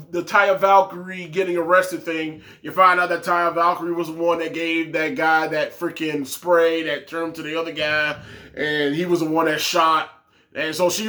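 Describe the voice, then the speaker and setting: Man, blunt profane ranting, casual review host, higher voice. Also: sharp tone. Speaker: wrestling podcast host.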